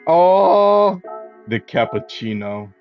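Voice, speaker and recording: A man with a slightly high voice comments on his racing game in drawn-out, theatrical phrases, putting on mock formality as he complains. Loud game music plays behind him. He leans hard on dramatic pauses. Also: very animated, muffled recording. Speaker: gaming streamer. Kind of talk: casual gameplay commentary.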